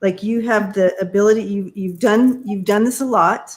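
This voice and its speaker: A woman doing tarot readings on a live stream, talking in a halting, searching way with many fillers while giving gentle advice. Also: mid-range voice. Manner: encouraging, gives gentle advice. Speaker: tarot reader.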